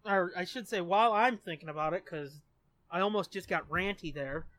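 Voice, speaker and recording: Bright, crisp-sounding podcast co-host, profane and joking. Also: medium pitch, dry recording. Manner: profane, joking, quick to mock outrage. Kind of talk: casual podcast banter.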